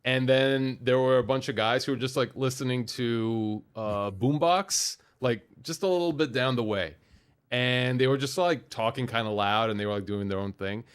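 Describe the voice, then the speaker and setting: A man's voice: medium pitch, moderate pace, clean tone. Young man telling profane stories. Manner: profane, animated storytelling. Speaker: podcast co-host. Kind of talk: casual chat.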